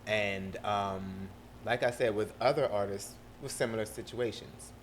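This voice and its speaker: A young man with a South Carolina accent, a producer talking as an interview guest in a lively, laughing way. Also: on the low side, unhurried, a little hiss or hum. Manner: animated, laughing storyteller. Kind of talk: casual interview talk.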